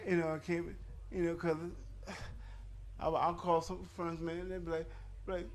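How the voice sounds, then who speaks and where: A man's voice: on the high side, little pitch movement, normal speed, pauses often. A man in his fifties doing a stand-up comedy set on stage, rambling loosely and working the crowd. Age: 50s. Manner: loose rambling delivery with crowd work and acted-out quotes.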